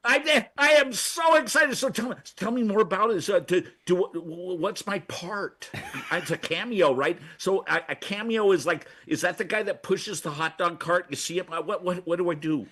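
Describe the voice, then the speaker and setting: A man's voice: sits high, normal speed, bright, forceful tone, breathy edge. A man on a comedy radio show, rambling frantically with constant stammers and restarts. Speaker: recurring comedy segment guest. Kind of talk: excitable comedic radio chat. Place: radio studio.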